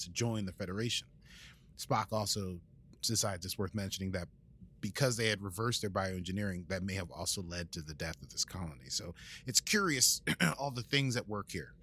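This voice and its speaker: A man's voice: fairly low pitch, a bit bright. A man, a podcast host casually recapping an episode in a rambling, playful way. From United States. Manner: rambling, playful, adds sound effects. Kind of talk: casual chat.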